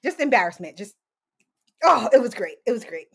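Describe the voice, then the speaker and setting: This is a woman in her thirties co-hosting a chatty podcast. Her voice sits a little high and swings widely in pitch. She acts out what people said and keeps breaking into laughter. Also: fairly quick, gravelly, breathy edge. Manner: animated, laughing, acts out quotes. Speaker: podcast co-host. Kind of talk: casual chat.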